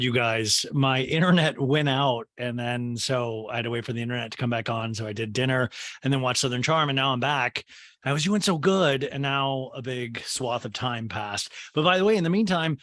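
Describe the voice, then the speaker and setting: A man's voice: mid-range voice, fairly bright tone, no echo. A man hosting a comedy podcast, recapping a reality show in a rambling, profane, joking way. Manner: rambling, profane, jokey asides and impressions. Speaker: podcast host.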